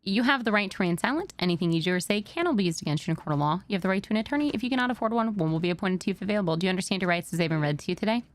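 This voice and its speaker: A woman's voice: mid-range voice, animated, racing, hardly any pauses. A woman roleplaying a police sergeant who runs an interview in a casual, joking manner. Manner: casual, joking, laughs easily.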